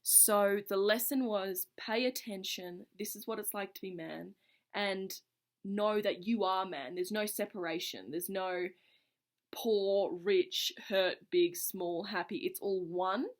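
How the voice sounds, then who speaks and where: A woman's voice: medium pitch, slow. A woman vlogger casually telling a personal story to camera in an earnest, reflective way, her phrases running on loosely with many fillers.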